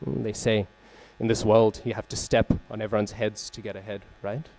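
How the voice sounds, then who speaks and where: Low, mellow-voiced man giving a temple class. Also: flat delivery, moderate pace. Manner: conversational, frequent "right?" check-ins and fillers; openly searches for names and terms. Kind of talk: scripture class lecture with storytelling. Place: temple hall.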